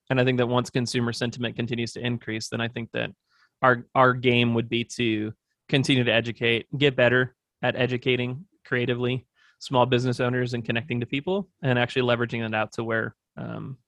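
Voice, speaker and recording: This agency owner appears as a guest on an interview show, musing through business plans in a rambling, filler-heavy way. The recording is studio quality with no echo, capturing his mid-range, gravelly, fairly bright voice.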